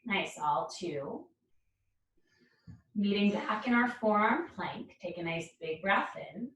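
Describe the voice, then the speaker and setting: Calm yoga instructor woman, roomy echo. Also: mid-range voice, takes it slowly, recorded from a distance. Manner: calm, encouraging, short spoken cues. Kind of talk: guided yoga class cues. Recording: roomy echo, speaker away from mic.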